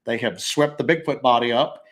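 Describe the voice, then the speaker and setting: A podcast host with a medium-pitched, slightly quick voice leads a casual talk show. He tells stories with a lot of energy, acts out the lines he quotes, and repeats himself.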